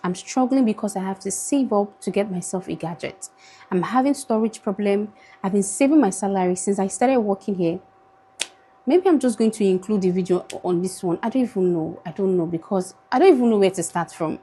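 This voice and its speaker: A woman's voice: medium pitch, a little fast, mellow, slight background noise. A young Nigerian woman with a Nigerian accent, pleading wearily into her phone camera in an emotional vlog, slipping into Pidgin now and then. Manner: pleading, weary, switches into Pidgin. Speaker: vlogger.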